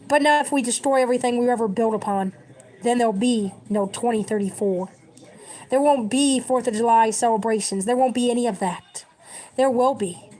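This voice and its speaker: A woman's voice: a little high, darkish tone. A woman in her thirties, a community educator, delivering an impassioned, scolding political rant straight to camera. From United States. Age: 30s. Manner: urgent, scolding, preachy.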